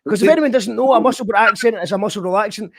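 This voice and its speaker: A man hosting a casual live stream, excitable and given to swearing and shouting when thrilled. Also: sits high, very fast, dry recording. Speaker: host of a live stream show.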